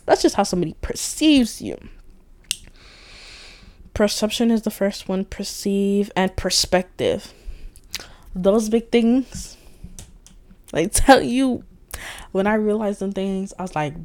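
A young woman hosts a late-night solo podcast, venting in a loose, candid ramble packed with slang and swearing. Her mid-range voice is animated and a little mellow, delivered slowly with long pauses.

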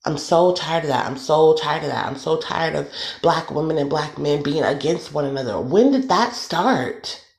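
Solo podcaster venting; gravelly, heated and repetitive delivery, recorded in an echoey room. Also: mid-range voice, lively intonation, normal speed. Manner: emphatic, repetitive, swearing. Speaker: podcast host. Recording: roomy echo.

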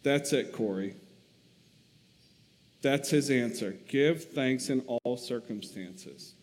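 A man reading aloud the lines of a calm, prayerful older sister. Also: mid-range voice, measured pace, close to an everyday voice. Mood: earnest. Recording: long reverb.

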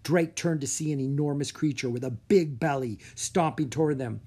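A narrator reading a children's audiobook with expressive storytelling. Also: medium pitch, moderate pace, slightly rough.

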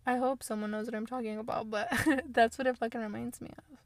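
Young woman, gravelly voice, blunt jokey podcast chat, dry sound. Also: fairly high pitch, fairly even intonation, quick pace, dry recording. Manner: joking, blunt, profane asides. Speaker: podcast co-host. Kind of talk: casual chat.

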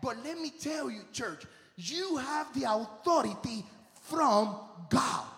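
A middle-aged man preaching a sermon in non-native English, moving between hushed testimony and shouted declarations. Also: extremely high pitch, lively intonation, slow pace. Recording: echoey hall.

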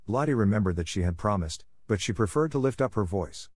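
A man narrating a classic novel as an audiobook for language learners, reading in a measured, clear way. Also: lowish voice, lively intonation, a little mellow, no echo, studio quality.

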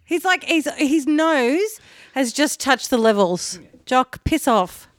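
A woman co-hosting a podcast from home, in playful casual banter, laughing often and jumping into silly high voices. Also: big pitch swings, slow, no room sound, clean studio sound. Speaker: podcast co-host. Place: home, with dogs nearby.

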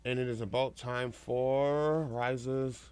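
A man's voice: medium pitch, steady tone. A man co-hosting a morning radio show, telling celebrity gossip in casual banter. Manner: gossipy, quick storytelling.

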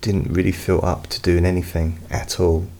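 A man who hosts hypnosis recordings, chatting in a slow, meandering way with many fillers. He is speaking at home into a studio microphone behind a pop filter. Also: low-pitched, level tone, mellow. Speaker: hypnotist host. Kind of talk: casual personal update. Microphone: studio mic with pop filter, not close.

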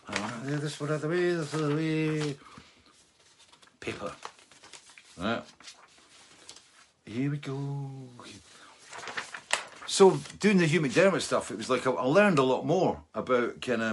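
A man's voice: mid-range voice, slight background noise. A Scottish man in his sixties, a musician hosting a fan Q&A show, chatting casually and rambling with lots of asides. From Scotland. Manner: loose and chatty, full of fillers and asides.

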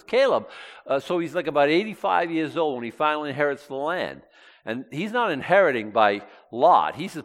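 Animated male preacher with a lively voice. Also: a little high, normal speed. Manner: animated, swings from loud to hushed, reads scripture aloud. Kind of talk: sermon.

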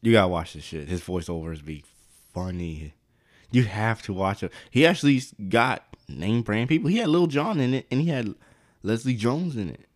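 A man's voice: lowish voice, expressive, normal speed. A man co-hosting a podcast, chatting casually and joking, acting out funny bits as he tells stories. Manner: joking, storytelling with acted-out impressions. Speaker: podcast co-host. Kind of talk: casual chat.

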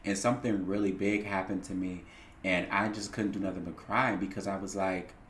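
A man's voice: low-pitched, flat delivery, brisk, fairly bright tone, a little hiss or hum. A man hosting a casual solo podcast, speaking in a candid, reflective way with a lot of swearing. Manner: candid and heavily profane, reflective. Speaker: podcast host. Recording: roomy echo.

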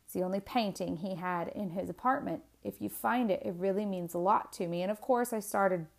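A woman in her twenties, a single mother, telling a personal story candidly and with feeling, her voice climbing higher and louder whenever she gets worked up. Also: brisk, vocal fry. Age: 20s. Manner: candid and animated, rising in pitch and loudness when upset, many restarts. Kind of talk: emotional personal storytelling to camera.

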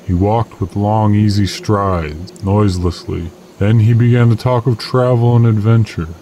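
A man narrating an old adventure story in the first person, measured and steady. His voice is very low. A faint chirp of insects carries behind him. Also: a little hiss or hum, poor audio. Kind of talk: storytelling reading of an old tale.

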